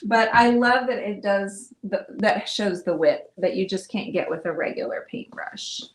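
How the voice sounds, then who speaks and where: A chatty, upbeat middle-aged woman hosts a live painting stream. She talks through each brushstroke in a casual, friendly way, her voice sitting in an ordinary middle pitch. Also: moderate pace.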